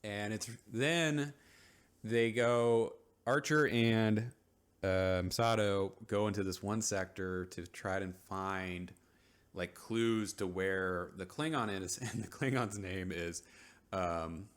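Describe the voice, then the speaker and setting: A man's voice: fairly low pitch, smooth. A man giving a casual, rambling rant recapping a TV episode, full of filler words and mocking quoted asides. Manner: mocks characters in quick quoted asides. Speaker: vlogger reviewing a TV episode.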